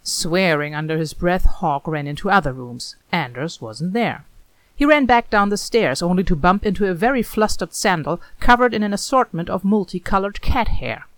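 Expressive woman narrating a story. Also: on the low side, moderate pace, dry recording. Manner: expressive, animated reading.

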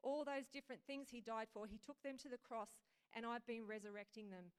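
A woman's voice: a little high, fairly quick, clear, resonant tone, close to an everyday voice. A woman reading as a male pastor, earnestly retelling his dream in a sermon. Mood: shaken. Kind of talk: read-aloud sermon story.

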